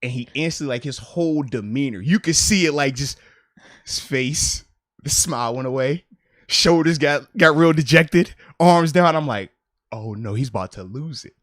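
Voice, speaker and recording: A man's voice: fairly high pitch, normal speed, a bit bright, dry recording, clean studio sound. A man in his thirties hosting a podcast, telling a family story in casual chat, often laughing. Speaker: podcast host, former player.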